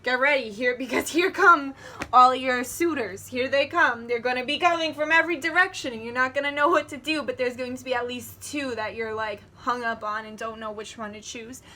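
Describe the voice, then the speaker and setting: A woman's voice: sits high, brisk, pushed and bright. A young woman doing a casual tarot reading to camera, chatty, swearing freely and acting out little quoted asides. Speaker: tarot reader.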